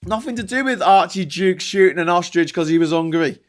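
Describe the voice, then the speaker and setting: A man's voice: high-pitched, lively intonation, a little fast. A man with a British accent hosting a casual political commentary show, talking in a sweary, sarcastic and taunting way. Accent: British English. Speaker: host.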